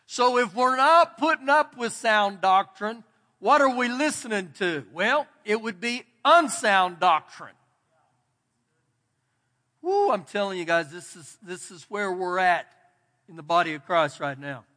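A man's voice: high-pitched, lively intonation, unhurried, sharp tone. A man pastor giving a sermon in a church, preaching in an emphatic, folksy way. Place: church sanctuary. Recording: long church hall reverb.

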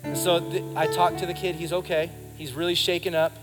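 Man, pastor, emphatic sermon, fairly high voice, long hall reverb. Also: little pitch movement, fairly quick. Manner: emphatic preaching that calls for congregation response. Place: church service before a congregation. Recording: live in a reverberant hall with music behind. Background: music.

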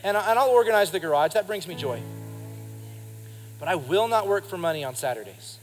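A man's voice: sits high, animated, brisk. A man in his thirties, a pastor preaching a sermon to his congregation with emphatic delivery and calls for the crowd to respond. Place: church service before a congregation. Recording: live in a reverberant hall with music behind. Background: music.

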